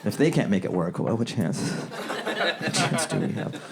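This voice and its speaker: A man from the Seattle area doing stand-up, loose and chuckling, slipping into quick character voices. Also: on the low side, sing-song, creaky, music in the background. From Seattle area, USA. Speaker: stand-up comedian. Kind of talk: stand-up set, working on new material. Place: comedy club with a laughing audience. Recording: live club audience audible.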